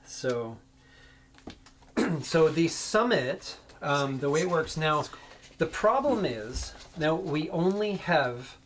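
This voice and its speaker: A man running a board game as game master, explaining rules with many pauses and self-corrections. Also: fairly high pitch, big pitch swings, a little hiss or hum.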